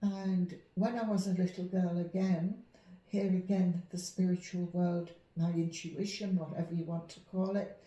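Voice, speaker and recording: A woman with a softened Yorkshire English accent tells her stories with animation and slips into the voices of the people in them. Her tone is mellow and dark. The echo of the room carries around her. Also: on the low side, level tone, moderate pace, highs cut off. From Leeds, Yorkshire, England. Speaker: clairvoyant and medium, guest. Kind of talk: conversational storytelling. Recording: roomy echo.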